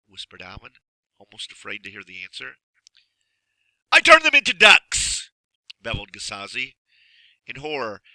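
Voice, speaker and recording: A man narrating a children's storybook in an expressive, measured way. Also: on the low side, no echo, poor audio. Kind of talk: storybook reading.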